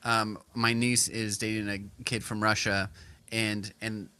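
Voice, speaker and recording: A man's voice: fairly low pitch, a little slow, smooth. A man co-hosting a comedy podcast, telling rambling stories in casual chat with lots of fillers. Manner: rambling, animated storyteller with many fillers. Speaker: podcast co-host.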